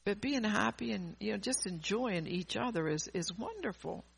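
A woman's voice: mid-range voice, lively intonation, moderate pace, vocal fry, breathy edge. An older woman preaching an earnest sermon, often repeating and restarting her phrases.

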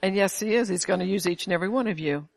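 A woman's voice: medium pitch, very fast, creaky. An older woman preaching an informal sermon to a small congregation, telling stories with emphasis and frequent chuckles. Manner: emphatic, storytelling, chuckles often.

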